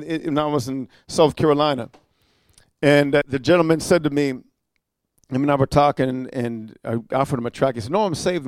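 High-voiced preacher, dry close sound. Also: male voice, no echo. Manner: swings from quiet storytelling to shouted rebuke; frequent amen and rhetorical huh. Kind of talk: sermon.

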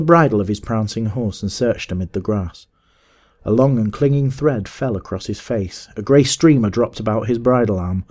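A man narrating a classic adventure story as an audiobook, in a measured storytelling manner. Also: fairly low pitch. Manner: measured, even storytelling that rises to shouts in dialogue.

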